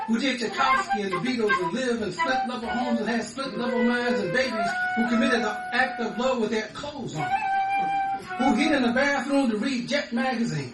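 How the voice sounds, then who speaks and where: Man reading poetry, shrieking cries, echoey. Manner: rhythmic, with sudden high screams. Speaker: poet. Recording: echoey, distant, loud music behind.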